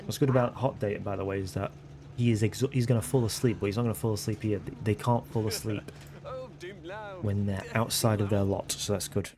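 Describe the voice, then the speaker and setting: A man's voice: on the low side, lively intonation, a little fast, crowd noise. A man streaming a life-sim game, chatting casually with viewers in a rambling way and ending many sentences with a questioning tag. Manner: rambling, keeps tagging "yeah?" onto sentences. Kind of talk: casual chat with viewers while playing.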